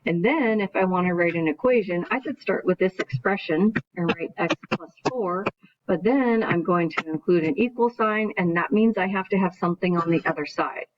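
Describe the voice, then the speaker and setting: Woman teacher explaining step by step. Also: lowish voice. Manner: explains step by step, often checks with "right?". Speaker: math teacher. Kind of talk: recorded video lesson. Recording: dull lo-fi recording.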